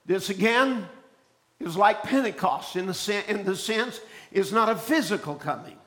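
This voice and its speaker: A man delivering a fiery sermon in a very high, bright, forceful voice. He shouts his points, breaks into call-and-response with the congregation, and often restarts and repeats phrases as he builds. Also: animated, normal speed. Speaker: preacher.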